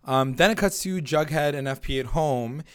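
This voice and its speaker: A man's voice: on the high side, moderate pace, clean tone. A man co-hosting a show, casually recapping a TV episode, laid-back, peppering his talk with "like" and swearing freely. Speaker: podcast co-host recapping a TV episode. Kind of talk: casual chat.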